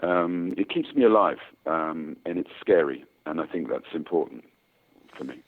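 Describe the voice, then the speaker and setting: An actor in his sixties talks about his work in a casual interview, rambling with many fillers and restarts. He has a bass voice, lively intonation, and a normal speaking speed. The recording sounds tinny, like a phone.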